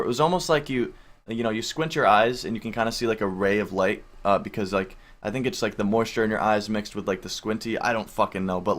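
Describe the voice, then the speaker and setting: A young man in his twenties tells a long personal story in a loose, rambling way. He leans hard on filler words and swears offhandedly as he talks, and his voice sits at an ordinary middle pitch. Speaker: vlogger. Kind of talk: casual storytelling.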